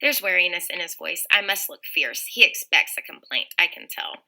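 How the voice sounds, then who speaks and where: A woman's voice: lowish voice, animated, normal speed, vocal fry, sharp tone, rough recording. A woman reading a first-person audiobook in an earnest manner, with small slips and restarts. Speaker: audiobook reader.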